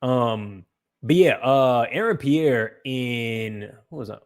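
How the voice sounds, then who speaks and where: A man's voice: medium pitch, lively intonation, slow pace. A man hosting a livestream podcast, talking casually in a loose, profane, rambling way with frequent restarts. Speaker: podcast host.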